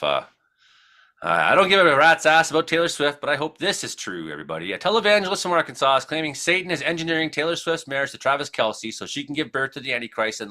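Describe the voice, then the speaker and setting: A Canadian man hosts a comedy weather show with a bright, forward voice. His pitch swings widely as he jokes his way through the week's news. He talks casually and swears freely. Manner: lively, joking, swearing freely.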